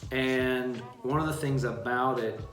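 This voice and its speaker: A man's voice: medium pitch, fairly even intonation, a little slow, a bit bright, faint music behind. Reflective man in an echoey room. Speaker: co-host, opera singer. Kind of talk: casual live-stream chat.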